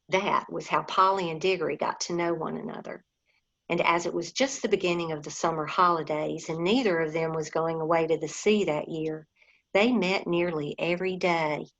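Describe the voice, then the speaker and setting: Woman reading a storybook aloud, low voice. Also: steady tone, moderate pace. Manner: gentle, addresses listeners as guys. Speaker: reader. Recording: dull lo-fi recording.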